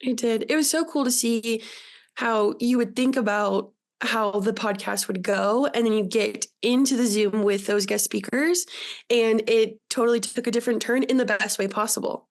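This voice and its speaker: A woman's voice: a little high, fairly even intonation, normal speed. A woman co-host asking the host questions in a casual, friendly and affirming way. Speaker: podcast co-host interviewer. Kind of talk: casual interview.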